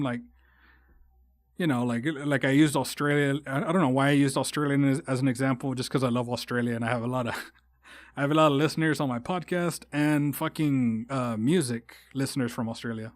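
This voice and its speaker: A man's voice: mid-range voice, brisk, dry recording. A young man, hosting a solo podcast in a rambling, heavily profane style that often turns heated. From Texas. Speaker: podcast host. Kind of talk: casual solo podcast rant.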